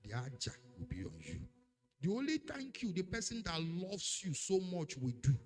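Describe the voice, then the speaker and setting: Dramatic preacher, lively pitch. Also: male voice, normal speed. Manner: dramatic, swings from shouting to hushed. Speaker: pastor. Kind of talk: sermon.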